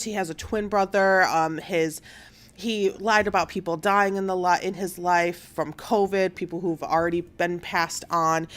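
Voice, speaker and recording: Young woman telling a crazy story on her stream, super animated, swears a lot, lowish voice. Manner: animated, acts out quotes, swears freely. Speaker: news show host. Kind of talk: casual storytelling recap.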